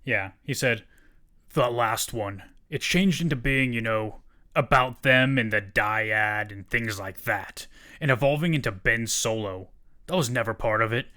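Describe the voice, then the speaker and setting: A man's voice: medium pitch, a little slow, pushed and bright. A young man co-hosting a casual podcast, reading a news quote aloud in a laid-back way. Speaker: podcast co-host.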